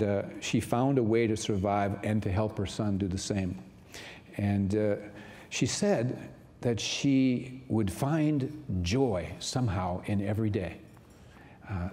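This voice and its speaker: A man delivers a sermon in an earnest, unhurried way, often pausing on fillers. His voice is mellow and soft-edged. It carries through a large hall with a long reverb tail. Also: lowish voice. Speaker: pastor. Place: large church sanctuary.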